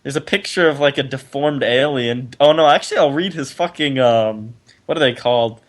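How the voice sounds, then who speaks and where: A man's voice: mid-range voice, normal speed. A man co-hosting a casual podcast, swearing freely and reading friends' posts aloud in mocking voices. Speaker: podcast co-host.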